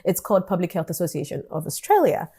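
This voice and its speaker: A woman, telling a personal story in an animated vlog style and acting out the dialogue. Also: lowish voice, fast talker, breathy edge. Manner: animated storytelling, acts out dialogue, laughs often. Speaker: vlogger.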